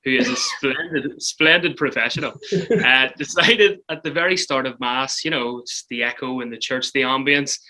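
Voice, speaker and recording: A radio breakfast presenter chatting casually about quirky news, laughing often and getting excited. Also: male voice, mid-range voice, rough recording. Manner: giggly, excitable, quick to laugh. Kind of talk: casual chat.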